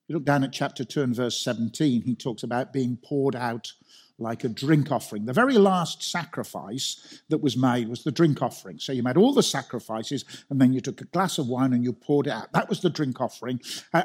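A middle-aged man with a Birmingham accent delivers a sermon in a church hall. His voice is slightly husky, and he tells stories in a relaxed, conversational way, stumbling and restarting as he goes. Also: medium pitch. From Birmingham, England. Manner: conversational, self-deprecating storytelling with frequent restarts. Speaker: preacher.

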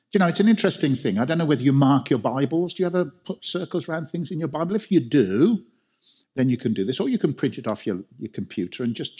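A man's voice: medium pitch, darkish tone, slightly rough. A man preaching a sermon, emphatic, asking rhetorical questions and repeating key phrases.

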